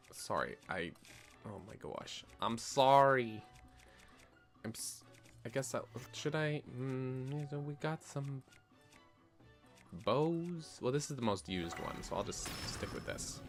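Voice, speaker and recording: A man casually chatting while playing a video game on stream, joking about how words are said and laughing at himself often. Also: medium pitch. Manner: playful, self-mocking, laughs often. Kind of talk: casual gameplay commentary.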